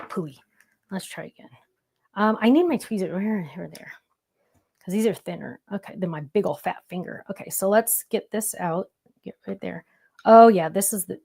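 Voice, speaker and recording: A woman hosting a crafting show, chatting excitedly and talking herself through each step of a stamping demonstration. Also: mid-range voice, vocal fry.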